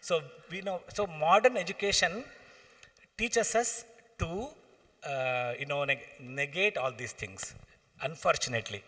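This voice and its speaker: Man, Tamil accent, panel Q and A, halting with fillers, slightly high voice, long hall reverb. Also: pushed and bright. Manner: halting, many fillers and restarts, mixes in Sanskrit chant. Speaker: panelist answering questions. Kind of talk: explanatory Q and A talk.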